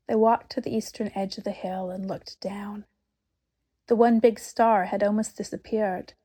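A woman reading a storybook aloud, unhurried and expressive, often dropping to a whisper. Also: medium pitch, breathy edge. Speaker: narrator.

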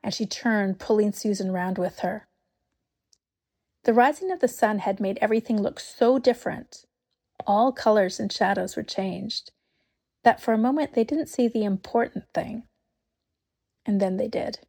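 A woman reading a storybook aloud, unhurried and expressive, often dropping to a whisper. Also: medium pitch, vocal fry. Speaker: narrator.

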